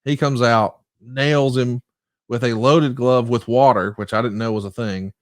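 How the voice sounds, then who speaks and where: A man co-hosting a podcast, briskly recapping wrestling matches in a lively, storytelling way. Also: mid-range voice, no echo, clean studio sound. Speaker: podcast co-host. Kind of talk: casual podcast chat.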